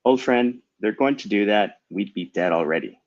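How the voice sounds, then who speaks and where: A man voicing a calm, serious male vampire lord who speaks in a formal, courteous way. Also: on the low side, normal speed, no echo, lo-fi sound.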